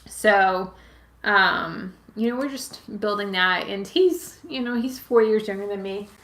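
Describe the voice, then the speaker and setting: A woman's voice: mid-range voice, unhurried, a bit bright. A woman in her late twenties from Massachusetts, hosting a casual live Q&A from home and rambling through viewer questions with plenty of "like" and "um". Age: 20s. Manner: rambling, with many "like" and "um" fillers. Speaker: channel host answering viewer questions. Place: at home with her pets nearby. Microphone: webcam or phone on a livestream. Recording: echoey room.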